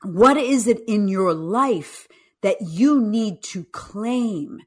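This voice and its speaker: Her voice is husky and medium in pitch, and she takes her time. She's a coach and author in her fifties, a podcast interview guest who tells animated stories and plays out the speech she quotes.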